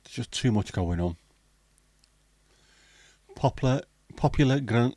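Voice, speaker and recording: Chatty man with a low voice. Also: moderate pace, pauses often, warm tone, no room sound. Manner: chatty, swears freely, reads viewer comments aloud. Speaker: livestream host. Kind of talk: casual livestream chat.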